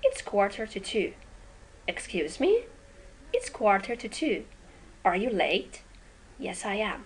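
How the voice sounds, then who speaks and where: A woman with a Persian accent, a native Persian speaker, teaching an English lesson and exaggerating rising and falling pitch in her examples. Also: sing-song, racing, vocal fry, slight background noise, low-quality recording. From Iran. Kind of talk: classroom-style language lesson.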